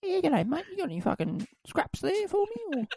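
A man voicing a scruffy, hungry male fox who begs for scraps, with a gravelly, cadging delivery. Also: very high voice, huge pitch swings, normal speed, warm tone, slight background noise, voice pushed up, exaggerated voice.

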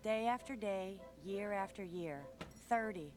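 A woman's voice: medium pitch, unhurried, natural voice. An actress in her thirties giving scripted film narration in a wry, self-deprecating tone. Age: 30s. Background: music.

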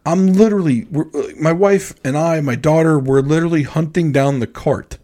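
A man on a podcast telling a rambling, animated story in casual chat. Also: a little high, moderate pace. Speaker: podcast co-host.

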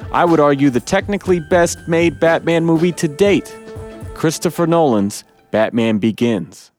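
A man's voice: on the high side, moderate pace, darkish tone, faint music behind. A man hosting a casual podcast chat, loose and swearing, acting out quotes. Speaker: podcast host.

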